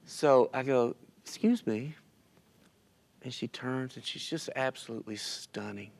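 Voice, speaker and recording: A man's voice: mid-range voice, unhurried, gravelly. A man telling a personal story of loss in a casual church interview, tearful and emotional, quoting himself and others as he goes. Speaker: church member sharing his story. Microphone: church stream recording.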